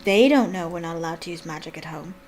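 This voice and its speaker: A woman's voice: on the low side, fast talker, darkish tone, slight background noise, voice pushed down, lightly acted. A woman reading aloud and voicing a young boy wizard in a wry, matter-of-fact way.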